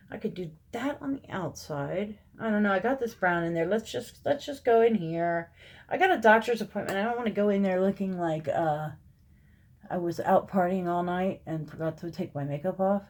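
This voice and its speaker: A middle-aged woman talking viewers through her makeup as a home vlogger. She chats in a loose, rambling way, with asides and self-corrections, at a mid pitch typical for a woman. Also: a little mellow. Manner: chatty, rambling, gets heated when venting. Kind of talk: casual makeup tutorial.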